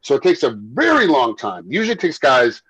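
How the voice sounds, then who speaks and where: In a casual interview, a husky-voiced man recounts his life as a fight referee and former fighter. His mid-range voice runs a little fast; he's animated, repeats and restarts words, and laughs while telling stories. The rough recording is dry and close-miked with no echo.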